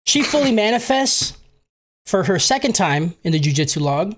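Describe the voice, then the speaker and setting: A man recapping a movie for his co-hosts with crude humor. His pitch swings widely as he slips into goofy character bits. It sounds like casual, profane podcast banter. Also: big pitch swings, moderate pace. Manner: profane, jokey, acts out characters in silly voices. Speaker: podcast host recapping a film. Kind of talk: casual comedic chat.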